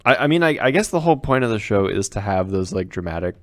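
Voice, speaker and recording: Young man, low voice, reactive and swearing, dry sound. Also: big pitch swings, fast talker, no room sound. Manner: reactive, swears, interjects with dude and laughs. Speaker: podcast co-host. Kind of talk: casual chat.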